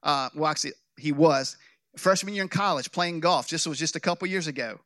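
Animated man preaching, higher voice. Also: fairly quick, no room sound, clean studio sound. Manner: animated, joking, with restarts. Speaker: pastor. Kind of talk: sermon with storytelling.

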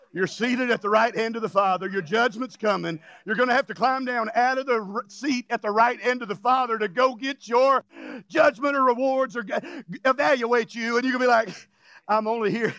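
A male pastor preaching a fiery revival sermon, often shouting with emotional cries and joking with the congregation in casual, informal grammar. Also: extremely high pitch, brisk, vocal fry. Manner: jokes and laughs with the congregation.

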